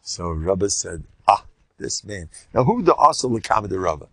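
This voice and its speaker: Gravelly older rabbi, animated Torah lecturer. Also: male voice, low voice, normal speed, no echo. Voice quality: gravelly, husky. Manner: animated, acts out quoted speakers, jumps between stories. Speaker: rabbi teaching a Torah class.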